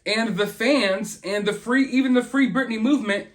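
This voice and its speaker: A high-voiced man hosts a casual commentary, rambling in an earnest, opinionated manner. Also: normal speed, hardly any pauses. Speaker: host.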